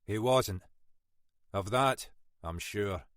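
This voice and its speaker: A man reading an audiobook, voicing a shrewd older Scottish detective inspector in a dry, probing, quietly commanding manner. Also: fairly low pitch, very slow, dry recording.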